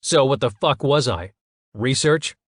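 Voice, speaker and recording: A man's voice: medium pitch, animated, a little slow, no echo, voice pushed up. A man reading an audiobook, voicing a bitter, sarcastic young psychic who speaks in a biting way.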